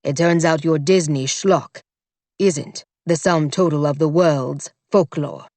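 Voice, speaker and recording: A woman voicing a haughty older male king who talks in a slow, condescending drawl. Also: sits low, steady tone, darkish tone, no room sound. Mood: sneering. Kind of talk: audiobook character voice.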